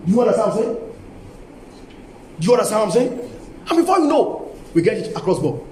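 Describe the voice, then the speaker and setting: The older man, with a Nigerian English accent, gives colleagues a lively, emphatic seminar talk in a university lecture hall, repeating key phrases and coaxing his listeners. His darkish voice sits high and is sing-song and fast, punctuated by long pauses. It's captured from a distance in an echoey hall with faint ambience and a little hiss or hum.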